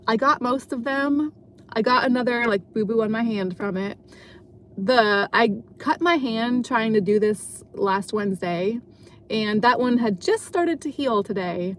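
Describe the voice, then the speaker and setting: A woman with a fairly high voice chats casually while driving at night. She rambles through her story, full of fillers and self-corrections. A faint hum of road ambience sits under her voice. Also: a little slow. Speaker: live streamer.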